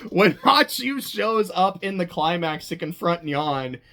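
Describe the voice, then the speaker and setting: An anime reviewer talking casually, animated and profane, with stammering restarts. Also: mid-range voice, a little slow. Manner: animated, swearing, stammering restarts, laughing asides. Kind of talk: casual chat.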